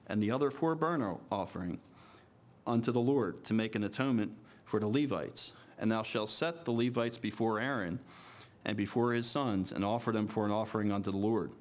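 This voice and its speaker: A man preaching to a congregation, reading scripture aloud slowly and then talking casually with restarts. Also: lowish voice.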